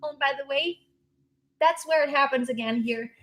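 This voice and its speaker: Loud music plays as a woman with a high-pitched voice guides a casual vocal lesson at a moderate pace. Chatty throughout, she pauses now and then to sing snippets as examples.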